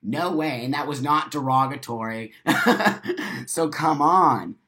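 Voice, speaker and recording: A livestream host in an unscripted, profane rant, repeating lines for punch, swinging between loud bursts and quiet asides, reading viewer comments. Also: mid-range voice. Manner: rapid-fire delivery.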